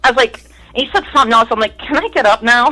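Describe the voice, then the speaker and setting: A woman's voice: on the high side, rapid-fire, sharp tone, low-quality recording. A middle-aged woman telling stories from her music career in casual, profane talk, mimicking the people in them. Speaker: guest musician. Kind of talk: casual storytelling.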